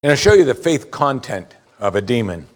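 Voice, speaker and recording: A man preaching a sermon, reading scripture aloud and explaining it with emphatic rises and quiet low asides. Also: very animated, brisk. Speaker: pastor.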